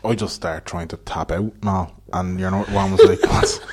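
A man's voice: sits low, fairly even intonation, normal speed, darkish tone, husky. A young man hosting a podcast, telling a story in casual chat, laughing often, with crude banter.

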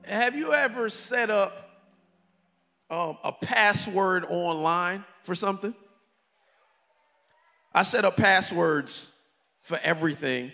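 Gravelly preaching man in a church hall. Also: high voice, takes it slowly, pauses often. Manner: lively preaching with call-and-response, shouts and drops to soft. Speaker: pastor. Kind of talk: sermon. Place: large church hall with congregation. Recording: long reverb from a church hall, faint music.

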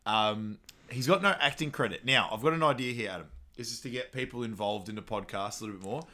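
A man co-hosting a podcast, casually recapping a film, laughing often and loudly acting out quotes. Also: on the low side, fast talker. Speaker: podcast co-host.

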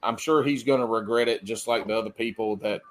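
A man's voice: fairly low pitch, brisk. Man hosting a podcast, easygoing and salty, casual talk. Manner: loose, profane, drawling Southern talk. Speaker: podcast host.

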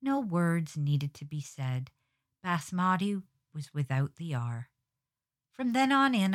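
A woman with a low, deep-set voice and a British accent talks through her own solo podcast. Her delivery is wry and reflective, with the even flow of a prepared script. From Britain. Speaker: podcast host.

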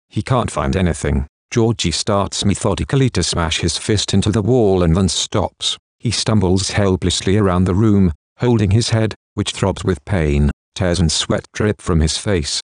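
A man reading an audiobook narration in a steady, measured manner. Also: low voice, no room sound, clean studio sound. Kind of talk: scripted narration.

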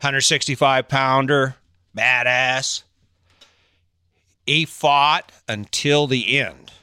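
A man's voice: medium pitch, steady tone, drawn-out words, sharp tone, smooth, no echo, studio quality. An older man talking casually to his audience in a teasing, sarcastic way, rambling a little and chuckling as he goes. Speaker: vlogger. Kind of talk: casual monologue to camera.

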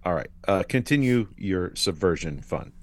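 A man's voice: low voice, lively intonation, normal speed. A man co-hosting a podcast, adding dry, wry quips and commentary to a casual movie discussion. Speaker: podcast co-host.

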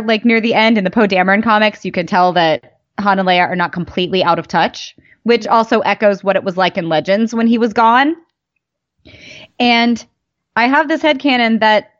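A woman's voice: medium pitch, no echo. Emphatic woman with a dull, dry mic sound. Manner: animated, emphatic storyteller, voice jumps up for emphasis. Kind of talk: casual fan chat.

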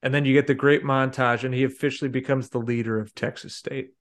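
A man's voice: medium pitch, steady tone, fast. A man hosting a podcast, chatting casually about a movie with rambling, filler-heavy talk. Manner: rambling, lots of fillers and restarts. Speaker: podcast host.

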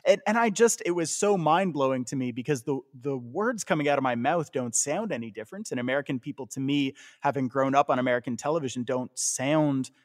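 A man's voice: mid-range voice, fairly quick, hardly any pauses, no room sound, clean studio sound. A man from Canada hosting a casual interview, asking curious questions and joking along. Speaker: host.

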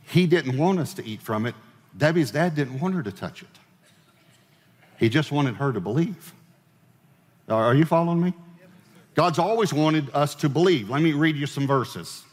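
A man's voice: a little high, expressive, moderate pace, long pauses, long reverb tail. A male pastor preaching a sermon in a conversational way, asking his congregation questions as he goes.

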